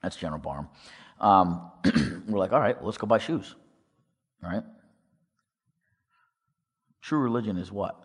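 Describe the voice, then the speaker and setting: Male speaker, very deep voice, testimony-style storytelling, reverberant hall. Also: animated, a little slow, long pauses, slightly rough. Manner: storytelling, acts out quoted dialogue, asks audience questions. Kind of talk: testimony talk to a congregation.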